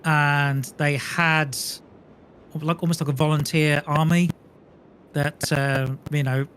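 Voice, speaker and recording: A man's voice: on the high side, flat delivery, slow pace, a bit bright, slight background noise. A man chatting casually while playing a game, explaining things at length with plenty of fillers. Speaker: co-op gamer and streamer. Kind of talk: casual gaming chat.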